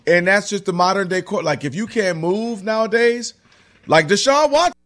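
A man co-hosting a sports talk radio show, breaking down plays in an animated, rambling way. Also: high-pitched, normal speed.

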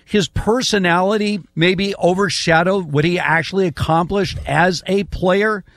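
An older man hosts a sports talk debate, building his case with long lists of numbers. His voice sits a bit high. The sound is dry and close, with no room echo. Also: fairly even intonation, unhurried, a bit bright. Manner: emphatic, lists stats at length.

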